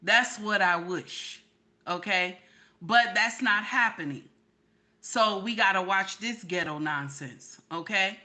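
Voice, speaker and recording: A woman's voice: medium pitch, takes it slowly, bright, forceful tone. A woman hosting a live reaction commentary, talking straight to her chat and hammering points with repeated "okay?". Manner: emphatic, repeats "okay?" to drive points home; talks to her chat directly. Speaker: commentary host.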